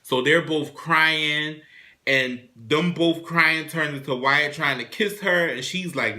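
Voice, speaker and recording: Young guy w a really bright edgy voice, fast chatty tv recap, swears a lot. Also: a little high. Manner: animated, profane, chatty storytelling. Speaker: show host reviewing a TV drama. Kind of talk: casual TV episode recap.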